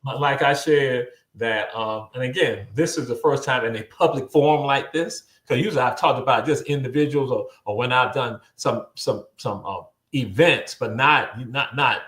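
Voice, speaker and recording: A man, a guest on a video-call interview, telling a story in a lively way, often repeating words and acting out what people said. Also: medium pitch, reverberant. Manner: animated, repeats words, acts out quoted voices.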